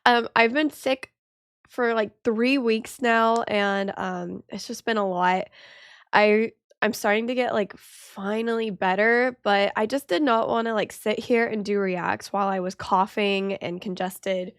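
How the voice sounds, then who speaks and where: A woman's voice: mid-range voice, steady tone, unhurried, smooth, dry recording, studio quality. A young woman hosting a reaction channel, talking casually to her viewers, her voice congested from a cold, rambling with many fillers. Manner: chatty, rambling with many ums and likes. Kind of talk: casual chat to camera.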